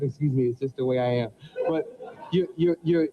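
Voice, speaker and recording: A man's voice: medium pitch, brisk, phone-quality sound, a loud crowd, heavy background noise. A man hosting a comic mock interview on a talk show, teasing his guest and often breaking into giggles.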